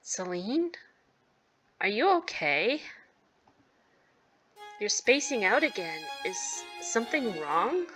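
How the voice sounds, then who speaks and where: A woman's voice: medium pitch, sing-song, slow, pauses often, fairly bright tone, soft background music. Woman voicing an obsessive teen boyfriend. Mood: smooth. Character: handsome popular teen boy, obsessive, unsettling.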